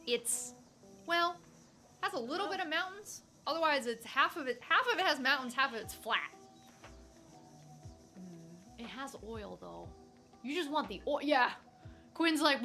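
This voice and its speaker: High, lively Canadian-sounding woman streamer. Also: moderate pace, pauses often, faint music behind. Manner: chatty, thinks aloud to herself and chat. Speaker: live streamer. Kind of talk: casual game live stream.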